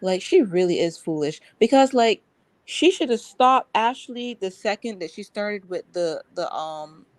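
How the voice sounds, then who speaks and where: A woman's voice: medium pitch, lively intonation, a little slow, dry recording, poor audio. Chatty woman going on about reality tv, lots of likes and ums, dead dry sound. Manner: rambling, frank, lots of fillers. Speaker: guest. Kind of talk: casual chat.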